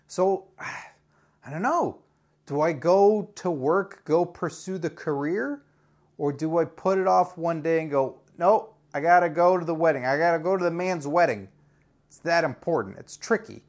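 A man hosting a podcast in a casual, rambling solo monologue, sounding frustrated and wry. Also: a little high. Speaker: podcast host.

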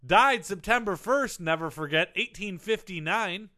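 A man co-hosting a comedy podcast, reading out trivia and cracking deadpan jokes. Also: high voice, unhurried. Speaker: co-host.

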